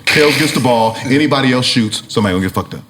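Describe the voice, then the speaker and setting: Excitable, profane man telling a story. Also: mid-range voice, very fast, reverberant, background noise. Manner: profane, excitable, acts out scenes. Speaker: guest. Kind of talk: animated storytelling on a talk show.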